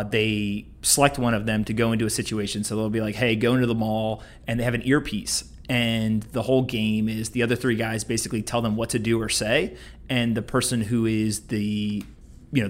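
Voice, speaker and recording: A man hosting a casual interview, relaxed and explanatory, filling pauses with "uh" and "you know". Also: fairly low pitch. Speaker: podcast host.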